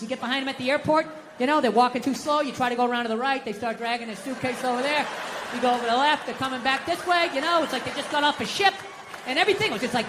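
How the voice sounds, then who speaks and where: A man's voice: extremely high pitch, quick pace, background noise. A man performing stand-up comedy on a large theater stage, telling stories and acting out his own inner voice. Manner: animated storytelling, acts out his own inner voice. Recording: live theater reverb, faint audience.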